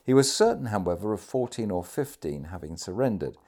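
A man reads a historical account aloud in a measured, formal manner. His voice sits fairly low. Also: expressive, darkish tone, husky. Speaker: audiobook reader.

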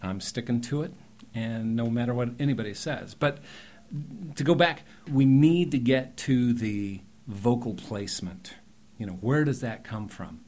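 Male dialect coach, mid pitch, relaxed, explains with dry joking asides. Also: measured pace. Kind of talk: casual interview talk.

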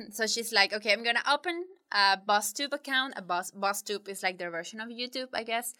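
A woman's voice: mid-range voice, fairly quick, pushed and bright. A woman in casual chat, recapping a movie plot in a rambling, giggly way with many "like"s. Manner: rambling, giggly retelling with quoted character voices.

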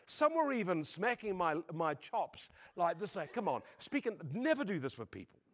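A man preaching a storytelling sermon to a congregation, animated and humorous, acting out voices and laughing along. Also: high-pitched, normal speed. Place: church service before a congregation.

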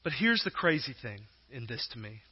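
A male pastor preaching an emphatic sermon, his voice rising loud and then dropping to a hush. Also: mid-range voice, big pitch swings, normal speed, slightly rough, lo-fi sound. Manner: emphatic preaching, swinging between loud and hushed.

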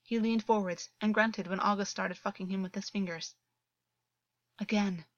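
A woman's voice: medium pitch, fairly even intonation, fairly quick, no room sound, muffled recording. Woman reading a story aloud. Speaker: audiobook reader. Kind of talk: scripted narration.

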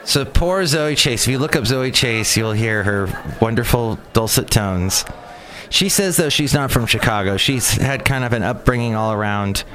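A podcast host with a Californian accent rambles through a chatty, wry monologue in a medium-pitched, expressive voice with a fairly bright tone. He speaks at a normal pace while traffic noise runs in the background.

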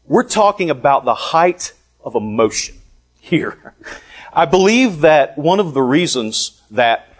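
A man preaching a sermon, deliberate and emphatic, with long pauses. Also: on the high side, very animated.

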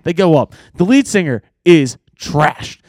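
A man on a podcast casually telling band road stories, animated and swearing, laughing often. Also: on the high side, a little slow, no echo. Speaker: podcast co-host and band member. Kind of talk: casual storytelling chat.

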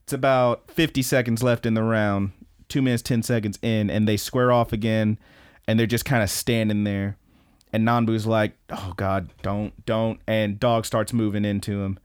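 A young man co-hosting a podcast, recapping an anime fight in a casual, animated play-by-play full of swearing. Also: fairly low pitch, moderate pace, clean tone. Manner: animated, profane play-by-play storytelling. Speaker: podcast co-host.

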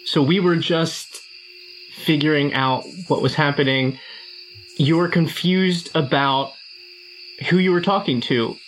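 A man's voice: fairly high pitch, measured pace, long pauses, a bit bright, a little hiss or hum, rough recording. Sheepish chuckling man player. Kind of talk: casual play at a tabletop game.

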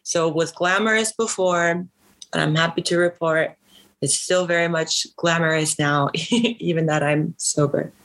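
A woman's voice: low voice, fairly even intonation, unhurried, fairly bright tone, low-quality recording. A woman from Northern California telling a personal story as a podcast guest, chatty and full of "like" fillers. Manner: chatty, frequent "like" fillers, laughs easily. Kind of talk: casual storytelling.

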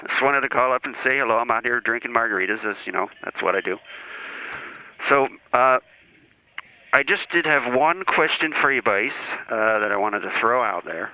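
A man's voice: mid-range voice, animated, normal speed, pushed and bright, clear, resonant tone. A man voicing a self-important, rambling priest calling in to the show. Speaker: caller. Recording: dull phone-line call.

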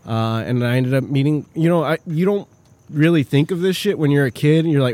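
A man telling stories as a podcast guest in a casual, animated way, swearing freely as he talks. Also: fairly high pitch, a little fast, dry recording. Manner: profane, animated storytelling. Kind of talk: casual chat.

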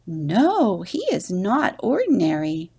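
A woman's voice: lowish voice, big pitch swings, slow pace, mellow, breathy edge, heavily acted. A woman voicing a group of eager young camels who admire an old friend.

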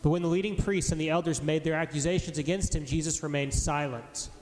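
A man giving a formal, measured reading of scripture aloud. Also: on the high side, steady tone, darkish tone. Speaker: scripture reader. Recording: echoey hall with faint noise.

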